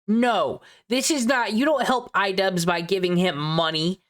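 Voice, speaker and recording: A woman's voice: medium pitch, measured pace. A young adult woman streamer giving sarcastic, mocking commentary with profanity and mock concern. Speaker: streamer reacting to videos.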